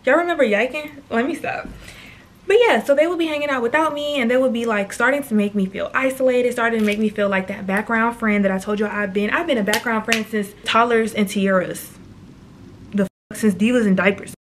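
A woman's voice: a little high, fairly even intonation, a little fast. A woman in her twenties telling a personal story to camera in a chatty, slangy way, often turning aside to address viewers. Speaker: storytime vlogger.

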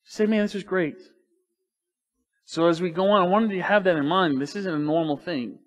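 A man preaching a sermon in church, animated and joking in a loose, colloquial way. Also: sits high, quick pace. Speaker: pastor.

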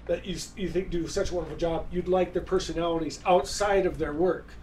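A man with a slightly high voice, heard from some distance from the microphone. He adds musing asides to a casual podcast chat. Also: steady tone, fairly quick, darkish tone, a little hiss or hum.

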